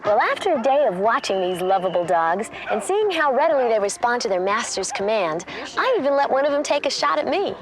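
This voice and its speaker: A woman's voice: a little high, big pitch swings, fairly quick, hardly any pauses, over music, rough recording. A woman reporting a TV feature in a cheerful, chatty way. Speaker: TV field reporter.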